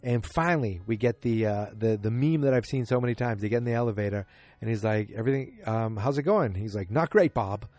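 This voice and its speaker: A man's voice: fairly low pitch, quick pace, a little mellow, no room sound. A man hosting a podcast who recaps a show episode in a casual, rambling way, correcting himself and loosely acting out what characters said. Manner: rambling, self-correcting, acts out quotes loosely. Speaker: podcast host.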